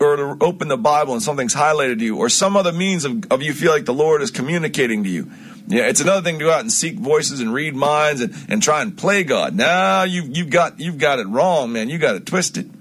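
On his own stream, a man with a slightly high voice gives an informal Bible teaching. He tells the story emphatically and with animation, often restarting and going off on asides.

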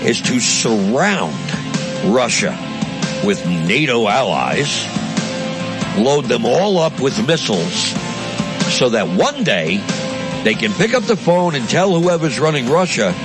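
A man's voice: mid-range voice, big pitch swings, measured pace, loud music behind the voice. A man giving a blunt, heated political monologue, crude and mocking in tone. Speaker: political commentator. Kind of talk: impassioned monologue.

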